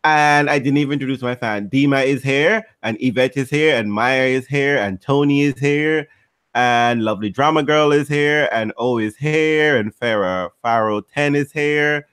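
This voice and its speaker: A man's voice: medium pitch, normal speed, a bit bright, clean tone. A man hosting a casual podcast, teasing his co-hosts in profane, rambling banter. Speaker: podcast host.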